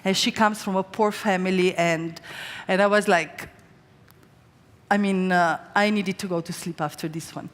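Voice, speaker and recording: A middle-aged woman from Slovenia, a chef talking fast and chattily through a live stage cooking demonstration. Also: lowish voice. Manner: chatty, fast storytelling with lively quoted voices. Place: large event stage with audience. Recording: long hall reverb on stage.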